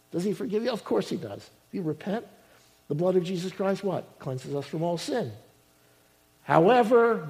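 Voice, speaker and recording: Male pastor for a sermon: high voice, lively swooping delivery, punchy emphasis that drops to quiet asides. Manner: animated, swings from loud emphasis to quiet asides.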